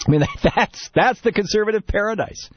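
A man from Detroit hosting political talk radio, speaking in a rapid, discursive, opinionated way. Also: sits high, dry recording, lo-fi sound. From Detroit, Michigan. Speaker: radio talk show host.

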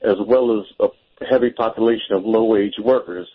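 A man calling into a radio talk show, making his points in an earnest, halting way with many fillers. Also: on the low side, steady tone, husky. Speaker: caller. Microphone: telephone. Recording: tinny phone line.

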